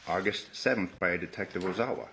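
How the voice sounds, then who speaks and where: A man cross-examining a witness in a courtroom, his voice sitting slightly low. He presses steadily, pinning down every answer with a clipped follow-up question. A faint hiss runs under the recording. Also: fast talker, bright, forceful tone. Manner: pressing, repeats "correct?" to pin down answers. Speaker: defense attorney.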